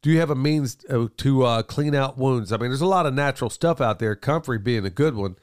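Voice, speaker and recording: A man's voice: medium pitch, fairly quick, clean tone. A man co-hosting a casual podcast with a stuffy, congested voice from a cold. He is folksy and talks straight to the listeners, calling them folks and y'all. He speaks into a studio mic. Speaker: podcast co-host, father. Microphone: studio mic with headphones.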